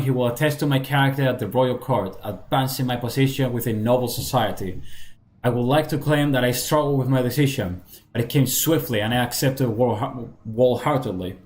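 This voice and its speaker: A man reading aloud as a doomed male nobleman confessing his crimes, in a solemn, halting way with small stumbles. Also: mid-range voice, darkish tone, slight background noise, lightly acted.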